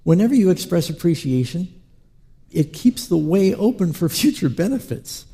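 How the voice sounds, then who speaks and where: Dark-voiced man preaching a sermon. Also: high voice, moderate pace, husky. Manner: animated storytelling preacher who acts out quotes. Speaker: pastor.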